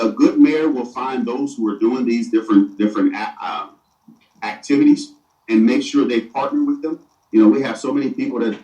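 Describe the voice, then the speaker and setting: Earnestly responding to an interviewer, a middle-aged man who is a city mayor frequently trips over and repeats his words. He has a medium pitch and darkish tone, with the highs cut off, captured at a distance in an echoey room.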